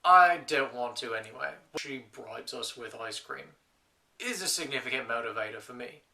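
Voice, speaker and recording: A man's voice: medium pitch, lively intonation, moderate pace, gravelly, bright, forceful tone, exaggerated voice. A young man playing a lonely last man on earth, telling wry rambling stories to camera in a scripted comedy monologue.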